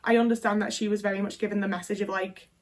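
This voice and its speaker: A woman's voice: mid-range voice, little pitch movement, racing. A woman in her twenties, telling a personal story frankly and casually, swearing often and filling with "like". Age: 20s. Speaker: vlogger.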